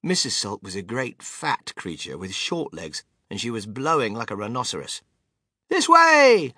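An audiobook narrator reading a children's story in an expressive, animated way. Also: sits low, normal speed, husky, dry recording, studio quality.

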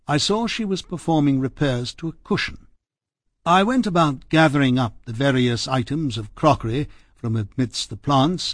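A man narrating an audiobook in the first person, formal, measured and precise. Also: mid-range voice, husky, no echo, clean studio sound.

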